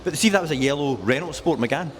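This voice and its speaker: Enthusiastic car dealer. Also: male voice, on the high side, expressive, very fast, fairly bright tone, a little hiss or hum. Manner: enthusiastic, jokey, rattles off specs. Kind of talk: casual walkaround chat.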